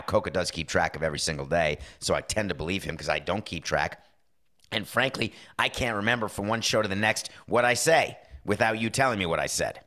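A man's voice: fairly low pitch, a bit bright. Wry man hosting a sports talk show. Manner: wry, conversational, acts out quick quoted exchanges. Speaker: podcast host. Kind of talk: casual sports talk monologue.

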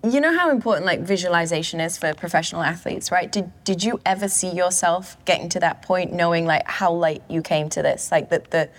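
A woman hosts a casual chat and keeps the guest going with quick, prompting questions. She talks fast in a fairly low voice. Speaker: host.

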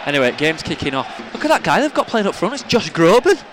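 A man's voice: on the high side, big pitch swings, fast, noisy background. A young man with a Yorkshire accent co-hosting a podcast live from the stands at a football match, trading blunt, mocking banter. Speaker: podcast co-host. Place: outdoor football stadium stands. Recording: stadium music playing behind.

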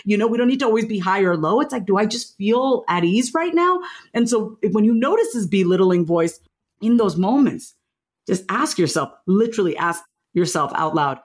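A woman, speaking as a guest in a casual interview and stressing key points by rising in pitch. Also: sing-song, normal speed.

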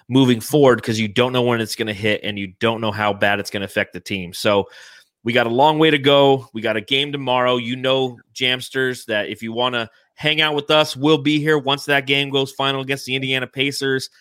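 A man's voice: medium pitch, a little fast, a bit bright, no echo, clean studio sound. A man co-hosting a casual sports podcast, joking and plugging the show. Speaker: podcast co-host.

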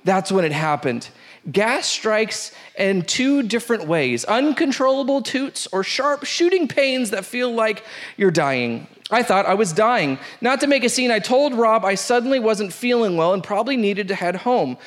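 A man hosting a show, reading a funny first-date story aloud with lively, laughing delivery. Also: sits high, moderate pace. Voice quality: animated, breaks into laughter, shouts out the quoted lines. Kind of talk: comic storytelling read aloud.

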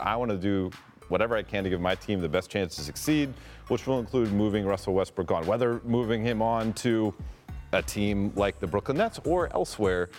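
A man's voice: lowish voice, lightly acted. A man improvising as a scheming basketball team general manager on a podcast, with wry, laid-back dealmaking banter. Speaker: basketball reporter. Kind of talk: improvised role-play on a podcast.

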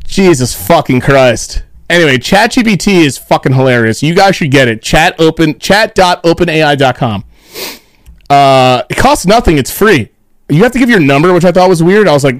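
A man's voice: on the high side, lively intonation, normal speed, dry recording, clean studio sound. A man hosting a podcast in loose, joking casual chat, swearing freely. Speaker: podcast host.

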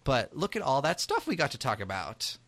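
A man's voice: medium pitch, wildly swooping pitch, a little fast, a bit bright. A man hosting a podcast in casual chat, laughing often while he gives plugs and thanks listeners. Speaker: podcast host.

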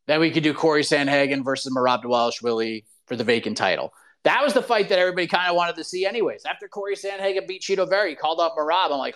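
A man hosting a live talk show, talking in a casual, animated and opinionated way. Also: fairly high pitch. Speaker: show host.

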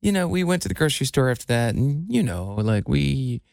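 A man imitating his chatty sister in a broad Upper Midwest accent, with drawn-out vowels. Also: mid-range voice, very animated, creaky, a little mellow, dry recording, studio quality. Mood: gossipy. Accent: Upper Midwest, put on.

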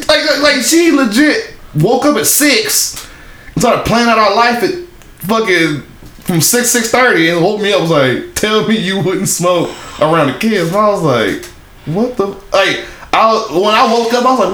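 A man's voice: sits high, very animated, normal speed, sharp tone. A young man telling rambling, profane stories in casual podcast chat, with lots of restarts and laughter. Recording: echoey room with faint hiss.

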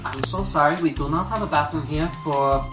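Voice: mid-range voice, fairly quick, natural voice. A courteous young laundromat clerk turning down a request with formal apologies, as the game master puts her on. The voice sounds distant and roomy, with music in the background. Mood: apologetic. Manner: apologetic and polite.

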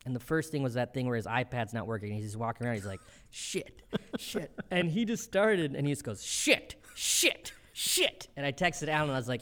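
A man in his thirties, a comedian being interviewed, telling quick, animated stories and acting out quotes. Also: mid-range voice. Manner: quick, animated storytelling with acted-out quotes and laughter. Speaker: comedian and show creator, guest. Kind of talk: casual interview.

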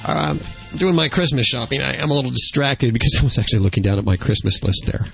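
A man's voice: mid-range voice, expressive, fast talker, creaky, a bit bright, soft background music. A man hosting a talk radio show, jokey and teasing with his guests and callers.

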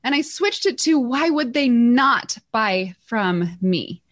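A middle-aged woman who co-hosts and runs a business, telling stories in an excited, animated way. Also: a little high, takes it slowly. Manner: excited, animated storytelling with laughs. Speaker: podcast co-host and business owner. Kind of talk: casual chat.

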